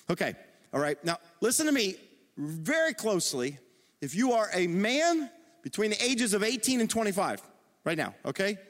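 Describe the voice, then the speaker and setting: A middle-aged man preaching a sermon as pastor, animated and calling on the congregation to respond. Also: sits high. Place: church auditorium. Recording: long reverb of a large hall.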